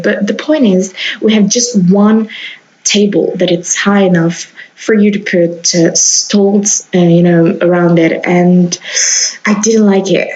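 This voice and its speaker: A woman's voice: mid-range voice, darkish tone, lo-fi sound. Chatty young woman with a sore throat. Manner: rambling, chatty, many fillers and restarts. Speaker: Sims building video host. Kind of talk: casual voice-over commentary.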